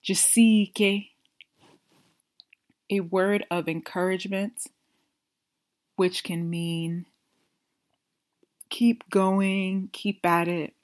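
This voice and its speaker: A woman teaching phrases in a slow, careful lesson, repeating each one and then translating it, sometimes dropping to a soft whisper. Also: medium pitch, little pitch movement. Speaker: language teacher.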